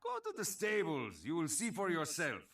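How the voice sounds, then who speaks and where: A booming Slavic-accented strongman. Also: sing-song, normal speed, fairly bright tone, distant mic, slight background noise. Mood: boastful. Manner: booming, speaks of himself in third person. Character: boastful burly male carnival strongman.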